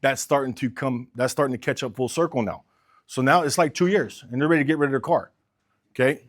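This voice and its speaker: A man's voice: mid-range voice, quick pace. A man coaching car salespeople, talking with energy and urgency and acting out sales calls. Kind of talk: sales training talk.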